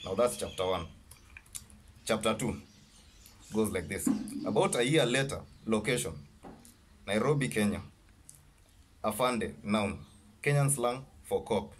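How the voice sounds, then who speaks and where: A man reading his own novel aloud, halting and correcting himself as he goes. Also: on the low side, lively intonation, slight background noise. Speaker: author.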